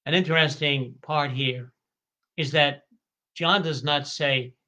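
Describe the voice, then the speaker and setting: A man, a priest, giving a slow, deliberate scripture study lecture, stretching key words and sometimes correcting himself mid-phrase. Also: on the high side, fairly even intonation, sharp tone. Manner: occasional stumbles and self-corrections.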